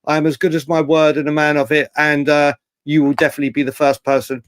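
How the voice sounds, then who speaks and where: A man's voice: fairly high pitch, little pitch movement, quick pace, no echo. A young man hosting a casual football live stream, bantering with viewers by name and laughing often. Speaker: livestream host.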